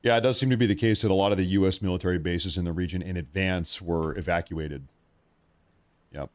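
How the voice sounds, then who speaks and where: A man's voice: low-pitched, steady tone, brisk. A man hosting a live news commentary stream, talking in a conversational and emphatic way that repeats points for effect.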